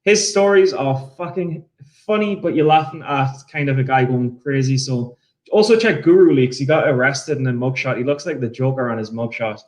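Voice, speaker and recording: A medium-pitched man talks at a moderate pace while live-streaming his day trades, sipping whiskey and chatting casually. He rambles, swears, and cracks jokes, and the recording has a roomy echo.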